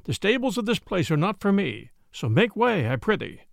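A man's voice: sits high, big pitch swings, moderate pace, creaky, dry recording, clean studio sound, exaggerated voice. A man voicing a proud, firm knight in a storybook reading.

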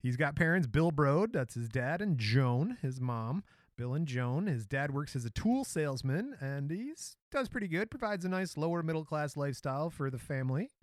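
Joking middle-aged podcast man, fairly high. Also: expressive, moderate pace, no echo, clean studio sound. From Michigan. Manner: joking, trips over names. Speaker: podcast co-host. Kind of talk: casual storytelling chat.

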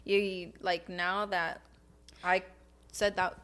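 A woman's voice: lowish voice, flat delivery, takes it slowly, noisy background. A young woman chatting as a podcast guest, telling a family story, voicing her parents in Spanish and dropping to a whisper at times. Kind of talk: casual chat.

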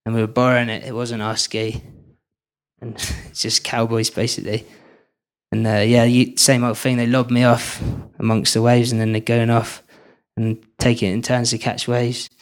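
Flat-voiced man telling stories on stage. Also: mid-range voice, moderate pace, clean tone. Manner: loose and rambling, laughs often. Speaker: filmmaker guest on stage. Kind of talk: live on-stage storytelling. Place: live event stage.

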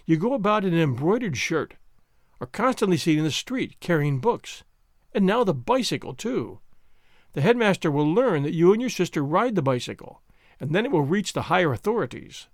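A man's voice: sits high, dry recording, clean studio sound, exaggerated voice. A man voicing a fussy, anxious middle-aged schoolmaster who talks in a prim, mournful way.

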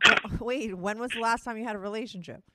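A woman in her thirties with a New Jersey or New York accent hosts a podcast over a phone call, her voice a little high and fast. She chats bluntly and teases a friend, using lots of fillers. Heavy background noise runs under the casual conversation.

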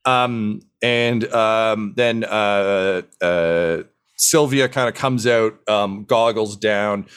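A man's voice: on the low side, very slow, fairly bright tone, clean tone. A man running a tabletop game as game master, narrating with many hesitations and fillers.

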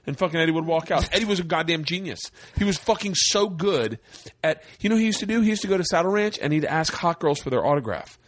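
A man hosting a podcast in a casual chat, telling profane, animated stories. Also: fairly high pitch, fast, no echo. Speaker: podcast host. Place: home studio room.

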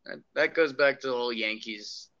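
Young man, sports podcast co-host, hesitant restarts, very bright tone, dull lo-fi recording. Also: mid-range voice, brisk, no echo. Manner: hesitant, repeats words when starting. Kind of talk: casual sports chat. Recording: dull, dry lo-fi sound.

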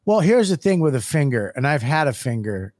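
A man's voice: on the high side, sing-song, brisk, a little mellow. A man co-hosting a podcast, trading brash, profane jokes in casual banter. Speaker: podcast co-host. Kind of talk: crude comedic banter.

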